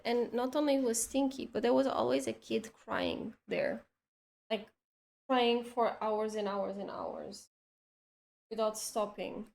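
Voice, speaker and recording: A woman's voice: on the high side, a little mellow. A woman telling a long story in casual chat, rambling with lots of "like" and restarts. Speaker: streamer.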